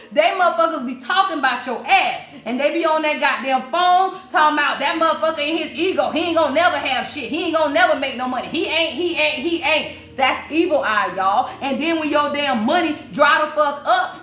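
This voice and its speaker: A woman's voice: sits high, a bit bright, echoey room. A woman giving a blunt, profane, preachy spiritual reading on a livestream, laughing often. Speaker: spiritual reader.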